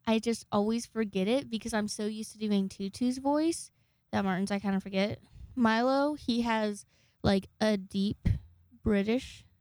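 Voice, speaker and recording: A woman's voice: mid-range voice, a little mellow, no room sound. A young woman hosting a casual monologue, rambling in a chatty way and swearing freely. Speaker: host.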